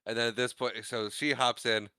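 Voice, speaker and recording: A man with a bright, clear voice chats through a movie recap on a podcast. He recaps scenes in an animated way and drops into quick impressions of the characters. The sound is dry and close, with no room around it. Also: mid-range voice, no echo. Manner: animated, acts out movie lines. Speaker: podcast co-host. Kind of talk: casual movie recap chat.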